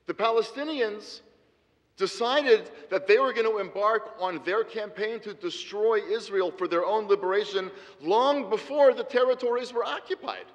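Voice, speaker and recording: A man's voice: high voice, moderate pace. A middle-aged man giving an emphatic debate speech with rhetorical repetition, speaking in a large hall. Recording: hall reverb.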